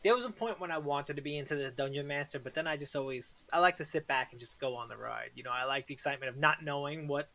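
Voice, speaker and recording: A man's voice: on the high side, quick pace, creaky, few pauses, sharp tone. A man as a guest on a podcast, chatting casually in an easygoing way with frequent "you know". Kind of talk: casual conversation.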